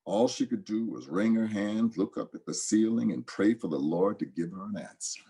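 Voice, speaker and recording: A man reading folk tales aloud in a dramatic, expressive storytelling manner. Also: on the low side, normal speed, breathy edge.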